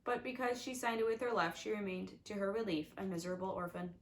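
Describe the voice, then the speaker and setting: A woman's voice: mid-range voice, fast talker, low-quality recording. A woman narrating a storybook with wry, confiding asides to the reader. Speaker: audiobook reader.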